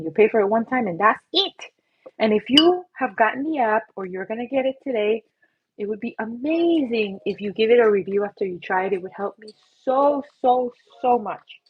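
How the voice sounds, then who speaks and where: A woman's voice: medium pitch, slightly rough, phone-quality sound. A woman hosting a casual livestream, chatty and self-mocking as she talks through an itchy, coughing throat. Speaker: livestream host and app creator.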